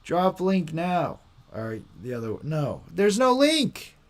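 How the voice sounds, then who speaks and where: A young man hosting a casual live stream, talking in a slangy, rambling way and quick to mock. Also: on the high side, big pitch swings. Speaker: livestream host.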